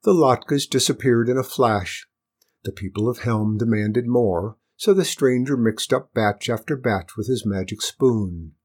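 A man reading a children's storybook aloud with expressive, lilting narration. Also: medium pitch, a little slow.

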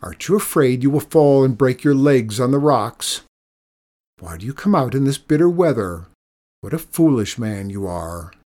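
A man voicing a weary, proud old woman who feeds stray cats, sharp and taunting in her speech. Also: mid-range voice, lively intonation, a little slow. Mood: scornful.

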